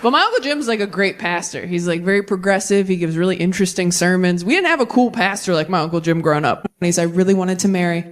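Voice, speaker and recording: A young woman performing a stand-up comedy set, animated and quick to jump into high-pitched character voices. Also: a faint crowd. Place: comedy club stage with audience laughter.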